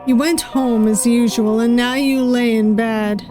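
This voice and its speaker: Slow, musing woman streamer. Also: fairly high pitch, steady tone. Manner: musing, reads lines slowly with soft asides. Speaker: VTuber game streamer. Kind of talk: reading game dialogue aloud with commentary. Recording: game music playing behind voice.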